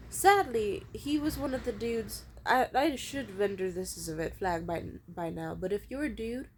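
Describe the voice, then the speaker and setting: A woman's voice: lowish voice, darkish tone. A woman telling a personal story as a casual vlog rant, blunt and heavy on profanity. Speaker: vlogger.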